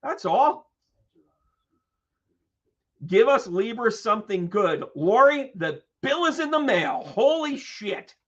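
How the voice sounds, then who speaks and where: A fairly high-voiced man hosts a live tarot reading, bursting with exclamations, jokes and casual swearing as he calls out viewers by name. The stream audio is dull and lo-fi. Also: sing-song, slow, long pauses, fairly bright tone. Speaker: tarot reader and medium.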